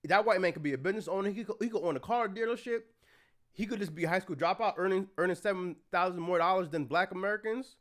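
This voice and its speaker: A young man streaming heated political commentary, indignant and profane, ranting and at times shouting in anger. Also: high-pitched, fast. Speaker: streamer reacting to an article.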